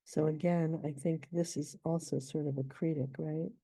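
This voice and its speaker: Low, gravelly-voiced woman explaining poetic meter. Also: steady tone, mellow, no echo. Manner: thoughtful, measured, with slow chanted poem reading. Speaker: poet teaching meter. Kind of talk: reading a poem and explaining its scansion.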